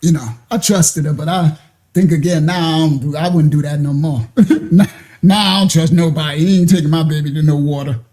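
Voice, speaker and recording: Man, casual storyteller, high and warm-toned, laughs a lot through his anecdotes. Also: fairly quick. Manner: animated, laughing often. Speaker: ministry speaker.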